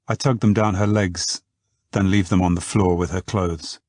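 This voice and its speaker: Deep husky male narrator. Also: steady tone, darkish tone, no room sound, clean studio sound. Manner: intimate, unhurried storytelling. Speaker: audiobook narrator. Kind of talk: first-person romance narration.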